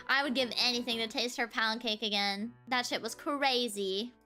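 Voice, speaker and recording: A woman's voice: fairly high pitch, fairly even intonation, measured pace, pushed and bright, faint music behind. A young woman from the Southern United States, a streamer chatting casually with viewers, giggling and rambling with lots of fillers and restarts. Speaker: VTuber streamer. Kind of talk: casual chat answering viewers.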